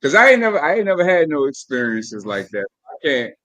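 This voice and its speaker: A man on a podcast panel speaks in a laid-back, joking way during casual chat. His voice is a little high and moves up and down in a lively way. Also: brisk, no room sound.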